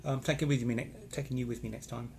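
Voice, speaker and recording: A man's voice: medium pitch, fairly even intonation, fast talker, creaky, mellow, slight background noise. A man chatting casually on a live stream, rambling and reacting to viewer comments from a hotel room. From England. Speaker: vlogger reading live comments.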